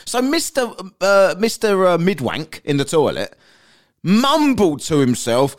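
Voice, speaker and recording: A man's voice: high voice, sing-song, unhurried. A man, a podcast host telling crude comic stories from daily life. He swears a lot and keeps checking in with "right?". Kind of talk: comic anecdote storytelling.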